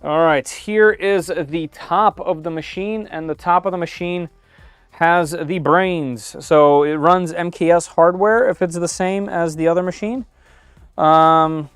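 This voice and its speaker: A man talks through a live unboxing in his home workshop, thinking out loud with plenty of "uh"s and restarts. His voice sits a bit high and comes through smooth and clear, close and dry, with faint music underneath. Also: no room sound. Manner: thinks aloud with frequent "uh" and restarts. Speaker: streamer unboxing a 3D printer. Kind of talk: live-stream unboxing commentary.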